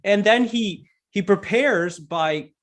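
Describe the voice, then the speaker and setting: Amused, lively man telling a story. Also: high voice, slow pace. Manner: lively, amused, many fillers and restarts. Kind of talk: animated storytelling. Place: virtual event, remote call.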